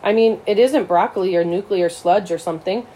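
A woman's voice: medium pitch, a little fast, mellow, slight background noise, natural voice, rough recording. Woman reading as a goofy food-crazy schoolboy. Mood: earnest. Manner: silly, then earnest.

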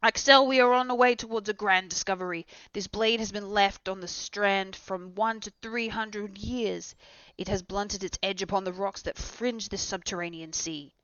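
An excitable old professor holds forth in a loud, lecturing voice, put on by a woman reading the story. He is learned and commanding, and his speech is emphatic. The recording is muffled and dry. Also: lowish voice, moderate pace, dry recording. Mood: excited lecturing.

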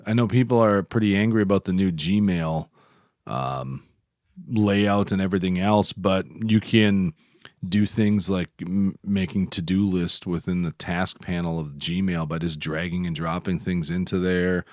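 A man's voice: low voice, fairly even intonation, a little slow, darkish tone, no echo, studio quality. A man co-hosting a podcast, explaining app tips in casual, rambling chat. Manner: rambling, self-correcting explainer. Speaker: podcast co-host.

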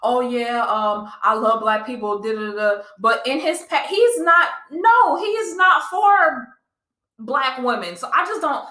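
Talking at an unhurried pace, this young podcast co-host has a high, expressive voice with a sharp edge. She speaks with passion and emphasis in a casual chat, repeating herself frequently, in a room with noticeable echo.

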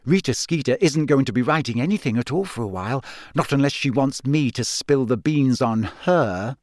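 A man voicing a clever, earnest teenage schoolgirl witch in an audiobook, talking in an eager, brisk, know-it-all way. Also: mid-range voice, lively intonation, no room sound, studio quality, close to an everyday voice. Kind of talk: audiobook character voice.

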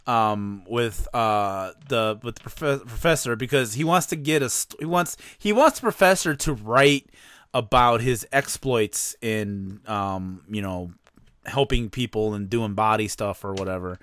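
A man's voice: mid-range voice, animated, measured pace, a bit bright, no room sound. A man co-hosting a podcast, chatting casually and rambling with lots of fillers and laughs. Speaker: podcast co-host. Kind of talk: casual chat.

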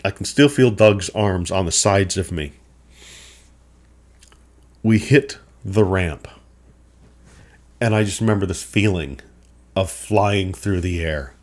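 A middle-aged man hosting a show, telling a childhood story in a relaxed, rambling, self-deprecating way. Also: low-pitched, slow, pauses often. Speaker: podcast host. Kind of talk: personal storytelling.

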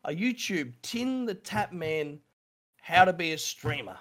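A middle-aged Australian man telling his story in an interview, halting and repeating himself, with nervous laughs. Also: a little high, sing-song, a bit bright. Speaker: streamer guest.

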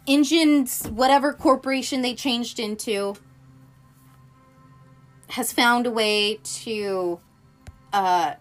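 A woman hosting a podcast who recaps films in a casual, rambling way, swearing freely and getting carried away as she tells the story. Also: a little high. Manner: profane, animated storytelling; rambling, self-interrupting. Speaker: podcast host.

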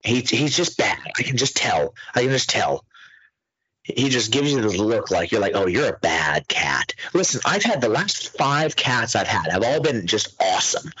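A man hosting a casual podcast, chatting loosely and swearing a lot as he tells animated stories. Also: mid-range voice, breathy edge, no room sound, dull audio. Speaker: podcast host. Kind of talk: casual profane chat.

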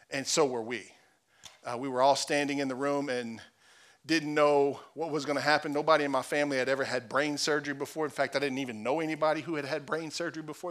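A middle-aged male pastor giving a sermon, moving from a quiet personal story to emphatic, rising preaching. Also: medium pitch.

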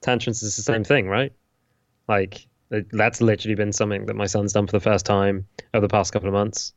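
Male co-host, low gravelly voice, reflective casual chat, slightly muffled recording. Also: little pitch movement, fairly quick, no room sound. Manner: reflective, thinks aloud with restarts. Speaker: podcast co-host. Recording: slightly muffled, dull sound.

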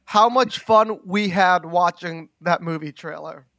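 A man's voice: sits high, unhurried, pushed and bright, no echo, clean studio sound. A young man hosting a casual chat, rambling with lots of "like" and frequent laughs. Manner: rambling, heavy use of "like", laughs often.

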